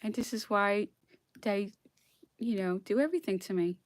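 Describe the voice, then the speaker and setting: A female vlogger delivers an impassioned solo monologue reading history aloud, at times whispering and at times near tears. She speaks at a normal speed in a mid-range voice, with no room sound.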